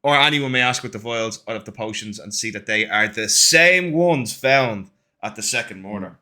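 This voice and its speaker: A man running a tabletop game as game master, in an animated, encouraging way. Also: fairly low pitch, normal speed.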